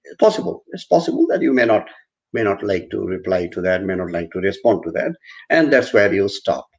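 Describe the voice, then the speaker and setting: A man's voice: low voice, big pitch swings, fairly quick, creaky, lo-fi sound. A man giving an online university lecture, repeating and restarting phrases as he explains with everyday examples.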